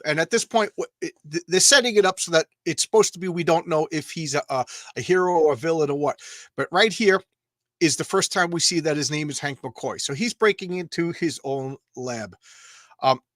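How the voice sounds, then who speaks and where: Speaking in a high, somewhat bright voice on a dry recording, a comics channel host chats casually during his live stream. He rambles emotionally, stammering and restarting often.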